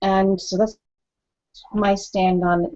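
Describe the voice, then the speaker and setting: Slow-talking woman, lo-fi audio. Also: medium pitch, level tone, dark tone. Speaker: co-host. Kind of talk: casual panel talk. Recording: dull lo-fi web-show audio.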